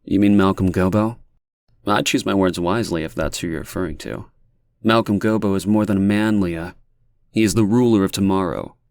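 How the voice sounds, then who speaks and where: A man's voice: deep voice, brisk, darkish tone, dry recording, clean studio sound. A man reading an audiobook, voicing a cold, fanatical man who warns and threatens over the phone. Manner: menacing, fanatical. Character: cold, menacing cult-devoted man.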